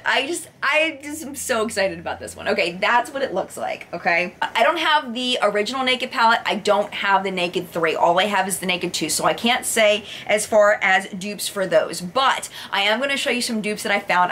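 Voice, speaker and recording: Bright bubbly woman reviewing makeup. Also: mid-range voice, slight background noise. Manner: bubbly, gushing, exclaims in excitement. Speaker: beauty vlogger.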